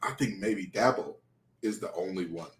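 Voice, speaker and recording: A man's voice: low-pitched, normal speed, roomy sound. A man co-hosting a sports podcast, ranting sarcastically and with animation. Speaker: podcast co-host. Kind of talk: heated sports talk.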